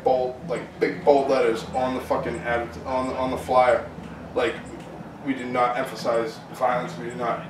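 A man giving a heated, profanity-laced rant in an interview, full of restarts and repetition. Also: mid-range voice. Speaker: protest organizer being interviewed. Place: festival grounds. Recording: echoey, distant mic, loud ambient noise.

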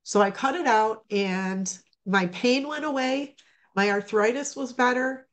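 A woman giving a casual testimonial over a video call, talking in a halting, rambling way with many restarts. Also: on the high side.

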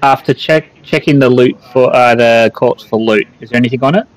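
A man's voice: medium pitch, fairly quick, rough recording. A man playing a tabletop game over a call, joking bluntly with the group. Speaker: player. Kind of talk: casual play over a voice call.

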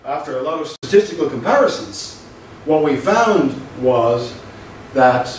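A male lecturer giving a university lecture, measured and explanatory, stressing his key points. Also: on the high side, expressive. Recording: very echoey room from a distant mic with faint noise.

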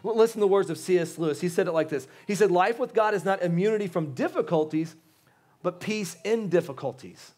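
A man's voice: sits high, a little fast, a little mellow. A man in his thirties, a pastor, preaching an earnest and emphatic sermon in a church, often repeating phrases and restarting his sentences. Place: church sanctuary.

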